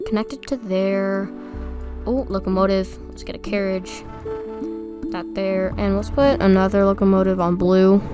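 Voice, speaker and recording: Young female YouTuber, excitable play-by-play, light music bed. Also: medium pitch. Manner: excitable, chatty, repeats words when stressed. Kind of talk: casual gameplay commentary. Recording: faint music behind.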